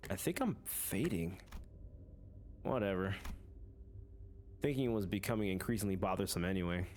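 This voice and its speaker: A man's voice: sits low, moderate pace, darkish tone, a little hiss or hum. A man reading game text aloud and reacting, in a jokey, dramatic way. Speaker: gaming YouTuber.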